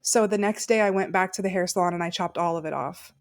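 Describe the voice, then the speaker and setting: In a lowish voice and at a fast clip, this podcast guest recounts something personal openly and casually. Her talk is chatty, sprinkled with laughter and plenty of "like".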